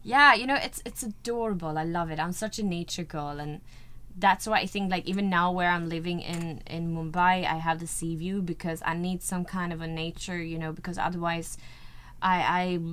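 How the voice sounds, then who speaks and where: A woman's voice: lowish voice, steady tone, normal speed, a bit bright, clear, resonant tone. A woman with a European accent, an actress chatting as a guest in an interview, gushing and full of "like" and "you know". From Sweden. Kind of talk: casual interview chat.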